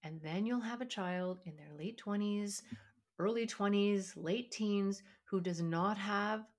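A woman's voice: medium pitch, slow pace. A woman hosting a parenting podcast, talking earnestly and with emphasis, now and then acting out what a parent or child might say. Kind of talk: solo podcast teaching talk.

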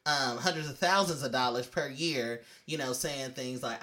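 A man's voice: mid-range voice, normal speed, few pauses, bright, forceful tone. A young man co-hosting a casual podcast, slangy and joking, then turning earnest. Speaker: podcast co-host.

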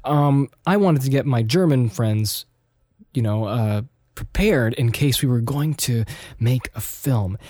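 A little slow and slightly mellow, a mid-range male voice tells a winding personal story on the podcast he hosts, restarting and filling pauses often. He is from the United States and Austria, and the studio recording is dry and studio quality.

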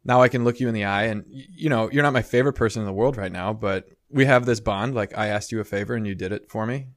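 A man's voice: on the low side, fast talker, no room sound, clean studio sound. A man in casual chat, telling a rambling story full of "you know" and "like".

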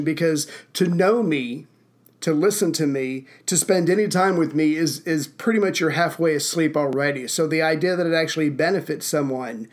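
A man hosting a podcast, telling stories in a casual, self-deprecating way. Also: fairly high pitch. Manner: self-deprecating, chatty storyteller. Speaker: podcast host.

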